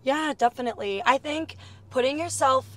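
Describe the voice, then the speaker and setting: A young woman chatting casually as a guest, giggly and animated, slipping into playful put-on voices as she tells stories. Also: sits high, moderate pace. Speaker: reality TV guest. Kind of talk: casual chat.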